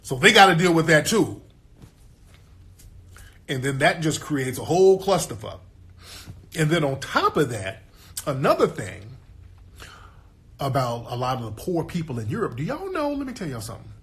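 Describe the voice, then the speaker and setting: Guy ranting casual, streetwise and profane, keeps checking you follow, voice sits a bit high. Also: sing-song, normal speed, pauses often, a bit bright. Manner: emphatic, streetwise, profane, asks the listener for agreement. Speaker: guest commentator. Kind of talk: casual monologue.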